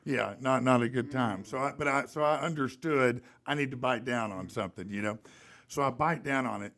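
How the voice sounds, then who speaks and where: A man tells a story in a relaxed, animated, drawling way. His voice sits at an everyday middle pitch. He talks the way a podcast host does, chatty and sure of himself. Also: fairly quick. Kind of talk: casual storytelling and live ad read.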